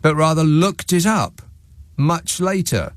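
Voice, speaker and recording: A man's voice: a little high, takes it slowly, no room sound. A man hosting a late-night talk radio show from a studio, delivering a sarcastic, mocking monologue and reading out listeners' messages.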